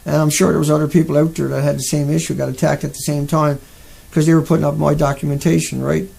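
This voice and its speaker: An agitated man hosts his own live stream. His voice sits high and is deeply gravelly and fry-laden. He circles back on his points and talks straight to his viewers. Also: level tone, quick pace, a little mellow. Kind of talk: casual live-stream rant.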